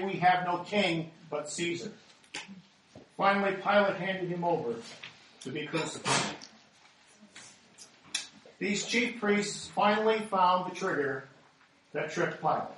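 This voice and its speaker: A man's voice: high-pitched, slight background noise. A male American pastor delivering a sermon, reading scripture dramatically and asking rhetorical questions. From United States. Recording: very echoey hall, speaker far from mic.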